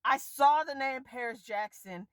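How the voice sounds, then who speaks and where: A woman vlogger ranting casually about a film, exasperated and profane, her voice leaping up and down in pitch. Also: measured pace, no echo, clean studio sound. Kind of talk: casual rant to camera.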